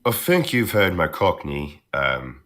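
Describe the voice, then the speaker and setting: Deep, lively man, slow and bright. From northern United States. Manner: laughs often, many fillers and restarts. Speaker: voice actor guest. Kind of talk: casual podcast chat.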